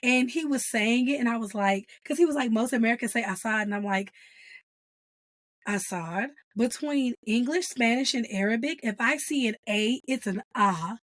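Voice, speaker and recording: A woman, hosting a casual TV review chat, animated and laughing as she acts out quotes. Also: a little high, moderate pace, few pauses, dry recording, clean studio sound. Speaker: podcast host.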